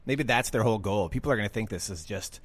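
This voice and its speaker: A man's voice: on the low side, fast. A man co-hosting a casual marketing podcast who tells stories with enthusiasm and mimics sounds. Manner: enthusiastic storyteller, mimics screams. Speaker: podcast co-host. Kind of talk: casual chat.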